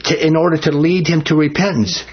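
A man teaching a Bible study, reading scripture slowly and then talking about it in a heated, emphatic way. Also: fairly high pitch, fairly even intonation, dull audio.

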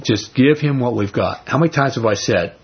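A man preaching a sermon in a slightly husky voice, moving from reading scripture into emphatic, conversational explanation. The recording is dull and lo-fi, with a medium-pitched voice. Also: fairly quick. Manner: conversational, emphatic, animated paraphrasing.

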